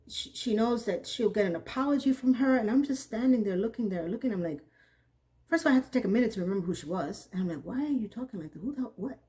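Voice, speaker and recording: A woman giving a casual, animated TV episode recap, often acting out what she thought in an incredulous tone. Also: on the high side. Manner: animated, incredulous, acts out characters' lines. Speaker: TV recap reviewer.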